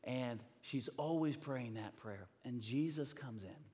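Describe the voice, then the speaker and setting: A man in his thirties preaching a sermon, telling a story with acted-out voices and swinging from loud bursts to near whispers. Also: medium pitch, measured pace, slightly rough. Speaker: pastor. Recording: long reverb of a large hall.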